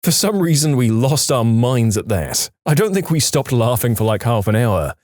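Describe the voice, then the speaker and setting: A man reading storytime posts aloud in a scripted narration, lively and expressive. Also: mid-range voice, moderate pace, dry recording, clean studio sound.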